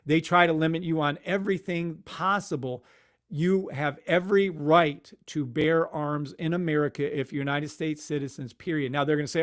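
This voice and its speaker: A man's voice: a little high, fairly even intonation, normal speed. A man hosting a casual live stream, ranting animatedly with swearing and muttering to himself at his computer. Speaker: livestream host.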